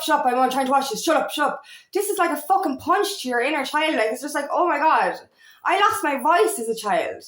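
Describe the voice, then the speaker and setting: A woman in her thirties speaks candidly as a feminine empowerment coach, her talk rambling and full of fillers and restarts. Her voice sits fairly high. The room around her gives the sound a noticeable echo. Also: a bit bright. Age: 30s. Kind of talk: personal monologue to camera.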